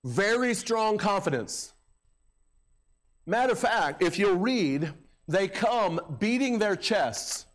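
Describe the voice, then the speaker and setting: A middle-aged pastor takes his sermon slowly, his high-sitting voice expressive, speaking conversationally with fillers and getting louder when he mocks a crowd. He preaches in a church sanctuary through a handheld or stand microphone.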